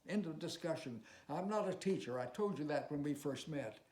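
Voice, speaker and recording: A man voicing a proud, aging male tightrope walker who bursts out in anger and then confesses in a halting, hushed way. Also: fairly high pitch. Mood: angry. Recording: roomy echo, faint noise.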